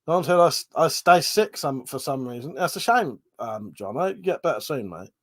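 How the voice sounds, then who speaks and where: A man's voice: on the high side, expressive, moderate pace. A man with a cold, sniffling and coughing, hosting a casual live stream where he reads out viewer comments, swearing and laughing often.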